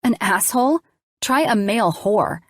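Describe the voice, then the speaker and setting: A woman reading the lines of a jealous young woman who accuses her lover, sharp and cold. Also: mid-range voice, lively intonation, normal speed, no room sound, studio quality, pitched above the performer's own voice, lightly acted. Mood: accusing.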